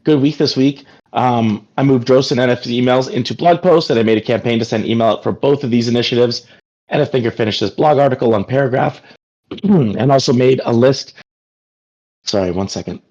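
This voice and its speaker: A man with a mid-range, slightly mellow voice hosts a casual work meeting over video call, talking fairly quickly. He rambles, leaning heavily on fillers, especially "like." The call audio is dull and lo-fi.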